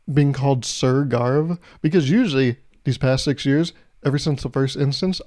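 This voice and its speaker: A young man hosts his own podcast alone. He rambles comically, mocks himself and plays out small imagined conversations. His voice is mellow and sits at a middle pitch. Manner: self-mocking, plays out imagined exchanges. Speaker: podcast host. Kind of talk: solo comedic podcast monologue.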